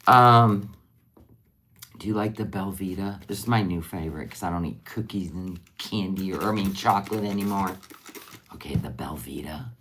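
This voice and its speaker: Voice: sits low, normal speed, a bit bright, slight background noise. A live-streamer chatting casually while finishing crafts, rambling and answering viewer comments as they come in. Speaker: livestream crafter.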